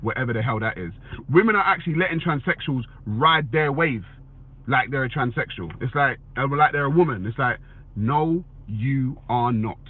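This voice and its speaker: With an animated, mid-range voice at normal speed and a breathy edge, a man responds to viewer comments in a casual, blunt monologue. He swears and keeps repeating "you know what I'm saying." The recording is dry and tinny, like a phone.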